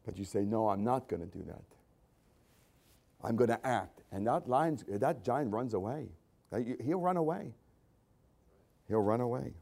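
A man preaching a sermon as a pastor, swinging between loud, emphatic repetition and quiet, conversational asides. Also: fairly low pitch. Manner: repeats phrases for emphasis.

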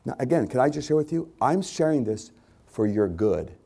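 A man's voice: mid-range voice, big pitch swings, normal speed, vocal fry, dark tone, slightly rough. A male pastor preaching a conversational sermon to his congregation, repeating phrases for emphasis.

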